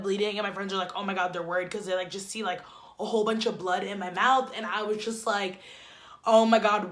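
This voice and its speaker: A young woman vlogger telling a story-time anecdote in a casual, dramatic way, full of "like.". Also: medium pitch. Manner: animated, dramatic, heavy use of "like".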